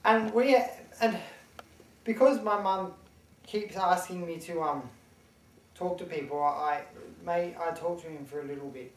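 A woman's voice: on the low side, a little slow. A woman speaking earnestly and a bit hesitantly in a mockumentary interview. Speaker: housemate. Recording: roomy, distant mic.

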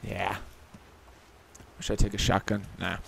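A young man giving excitable, profane commentary as he plays a video game, often laughing. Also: fairly low pitch, normal speed, creaky, slight background noise. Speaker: let's play gamer. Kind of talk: casual gameplay commentary.

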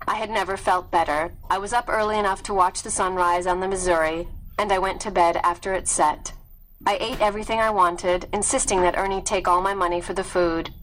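A woman reading a story aloud in a clear, steady storytelling manner. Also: fairly low pitch, low-quality recording. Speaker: read-aloud narrator.

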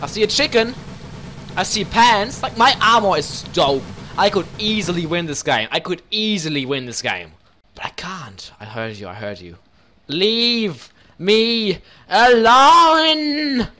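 A young man calls out a video game in a high, bright voice that swings wildly in pitch. He shouts and laughs one moment and mutters under his breath the next, with restless gamer energy. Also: normal speed, slight background noise. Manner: excitable, yelps and laughs, mutters low asides. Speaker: gaming video host. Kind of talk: excited gameplay commentary.

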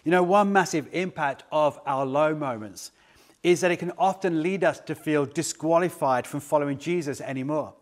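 A middle-aged man preaching a sermon as a pastor, retelling a story in earnest and slowing down for emphasis. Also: on the high side. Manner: earnest storytelling with quoted dialogue and slowed emphasis.

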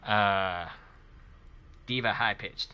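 A man streaming a video game live, chatting casually and excitedly with his viewers and cheering himself on. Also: on the low side, very slow, clean tone, lo-fi sound. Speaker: gaming streamer.

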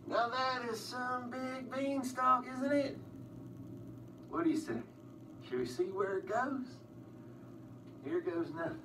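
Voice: medium pitch, sing-song, slow pace, pauses often. A children's show host telling a storybook tale to kids, playful and exclaiming, talking straight to the boys and girls. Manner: playful, exclaiming, sings, addresses kids directly. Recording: distant mic with clear music.

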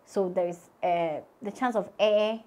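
A woman with a Ghanaian accent hosting and telling her own story in an earnest, conversational way, her voice dropping soft and low at the sad parts. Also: steady tone, unhurried. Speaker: host. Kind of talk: personal storytelling to camera.

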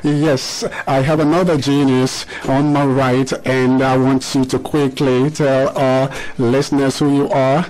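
A middle-aged man hosting a radio show, quick to praise his young guests and ask them to repeat things. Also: medium pitch, flat delivery, darkish tone, poor audio. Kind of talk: radio interview with schoolchildren.

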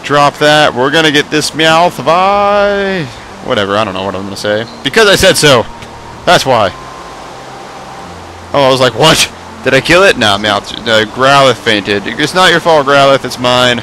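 Excitable young man yelling at his game. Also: mid-range voice, moderate pace, slight background noise, rough recording. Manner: excitable, swears and yells at the game. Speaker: gaming YouTuber. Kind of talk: Minecraft mod let's play commentary.

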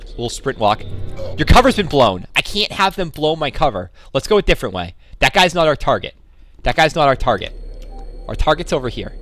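A man's voice: mid-range voice, fairly bright tone. A young man hosting a gaming video, giving sarcastic, jokey running commentary as he plays. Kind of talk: joking let's-play commentary.

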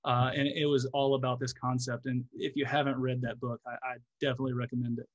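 A man's voice: medium pitch, little pitch movement, quick pace, lo-fi sound. A man who is a guest physiotherapist, talking through ideas in a casual podcast conversation, thoughtful and explanatory with frequent restarts.

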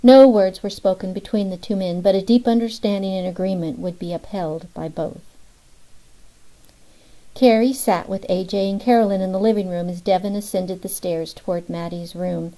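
A woman's voice: fairly even intonation, normal speed, warm tone, low-quality recording. A woman narrating a novel as an audiobook, lifting her voice slightly for the characters' lines. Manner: reads all characters with small pitch lifts for dialogue.

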